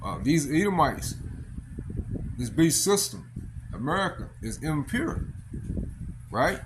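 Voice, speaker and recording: A man's voice: mid-range voice, background noise. A man giving an informal scripture teaching in a loose, rambling way, full of fillers and asides like "man" and "all right?".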